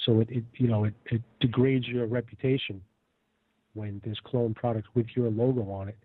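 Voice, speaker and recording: A man's voice: mid-range voice, little pitch movement, moderate pace, husky, no echo. A man talking matter-of-factly as a guest on a casual podcast. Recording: tinny phone-like line.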